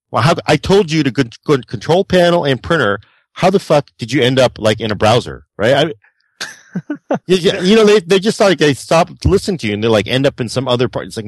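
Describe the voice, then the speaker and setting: A man's voice: medium pitch, a little fast, dry recording. A man co-hosting a casual podcast, telling stories with lots of acted-out voices and frequent swearing. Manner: animated storyteller, acts out quoted people, swears freely. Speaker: podcast co-host.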